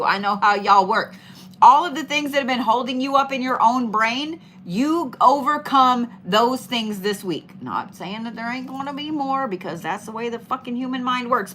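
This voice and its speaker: A middle-aged woman with a fairly high, sharp voice gives casual, playful zodiac tarot readings over slight background noise. She swears freely and stays hyped-up and chatty, pumping up her listeners.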